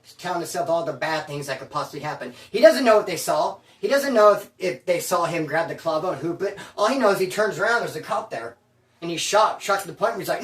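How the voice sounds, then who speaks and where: A man's voice: high voice, lively intonation, a little fast, fairly bright tone. A man who served time, telling a prison story in casual street slang, swearing freely and acting out what people said. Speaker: former inmate storyteller. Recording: roomy echo, distant mic.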